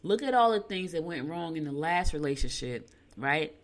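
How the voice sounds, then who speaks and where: A woman's voice: low voice, normal speed. Chatty older woman hosting from home. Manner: chatty, animated storytelling with asides and laughs. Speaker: radio show host. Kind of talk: casual chat reading horoscopes. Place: home studio.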